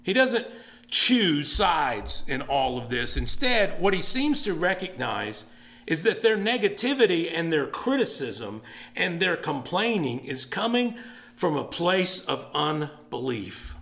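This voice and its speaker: High-voiced earnest pastor. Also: male voice, big pitch swings, unhurried, bright, forceful tone. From East Texas. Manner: earnest, rising to emphatic exhortation. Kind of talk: sermon.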